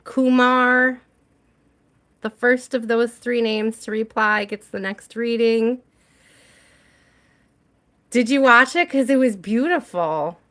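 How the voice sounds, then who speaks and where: Chatty American woman host, bright tone, unhurried, reading a list of viewer names on a stream. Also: on the high side. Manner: chatty, reads out viewer names, laughs often. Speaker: tarot reader and livestream host. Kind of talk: casual livestream chat with viewers.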